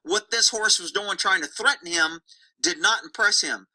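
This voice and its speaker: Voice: mid-range voice, normal speed, bright, forceful tone, rough recording. A horse trainer narrating video footage in an emphatic, repetitive way with folksy slang.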